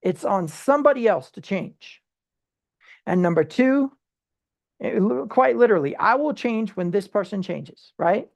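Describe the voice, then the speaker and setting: A Bible study teacher speaking informally, with many rhetorical questions and quick restarts, sometimes acting out everyday people in short quoted asides. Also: medium pitch, expressive, vocal fry.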